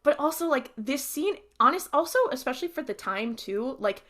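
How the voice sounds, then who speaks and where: A young adult woman co-hosting a podcast, recapping an episode in a chatty, animated way with lots of fillers. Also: high-pitched, normal speed. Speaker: podcast co-host. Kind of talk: casual chat, recapping an episode.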